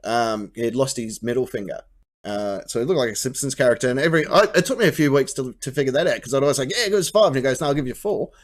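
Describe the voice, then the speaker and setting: A man, co-hosting a casual comedy show and telling stories in an animated way, swearing often and laughing. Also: mid-range voice, fast. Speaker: co-host.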